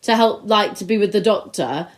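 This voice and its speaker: A woman co-hosting a podcast in casual chat, animated and laughing, acting out characters' lines. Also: mid-range voice, normal speed. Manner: lively, acts out characters' lines, laughs often. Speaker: podcast co-host. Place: recorded together in a room.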